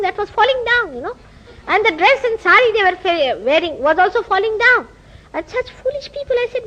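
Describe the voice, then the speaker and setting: Speaking with an Indian accent in a high voice, a spiritual teacher animates her stories by performing the characters' dialogue. The recording's high frequencies are cut off.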